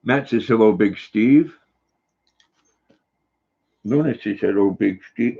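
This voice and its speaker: An older man hosting a casual livestream, slowly reading out viewer comments and cooing fondly at his dog. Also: on the low side, creaky, mellow, breathy edge. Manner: slow, folksy, reads comments aloud and coos at his dog. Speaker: livestream host. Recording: slightly dull lo-fi sound.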